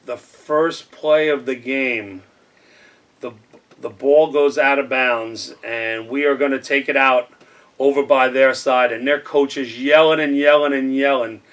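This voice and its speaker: A man who coached the team, recalling games in an interview with frequent pauses and fillers. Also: mid-range voice, steady tone, fairly bright tone, far from the mic. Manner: halting, lots of fillers. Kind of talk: interview recollection.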